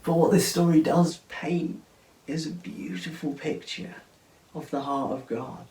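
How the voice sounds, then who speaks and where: A man's voice: a little high, steady tone, unhurried. Earnest male preacher retelling a parable, recorded from a distance. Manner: earnest, often drops to a hushed voice. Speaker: church speaker. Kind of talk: storytelling sermon. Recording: roomy sound, mic at a distance.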